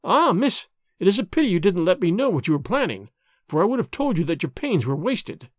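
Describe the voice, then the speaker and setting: Plain confiding housekeeper woman, man reading her part, lively tone, dry. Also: high-pitched, fairly quick, no room sound. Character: plain-spoken female servant, gaunt and tall.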